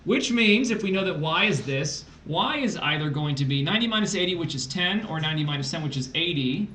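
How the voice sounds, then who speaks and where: A man's voice: fairly high pitch, lively intonation, fairly quick, bright, forceful tone. A man with a slightly raised voice walks through a math problem step by step, dropping playful asides as he teaches a streamed test-prep lesson. The room is echoey, with a faint hiss underneath. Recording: roomy echo.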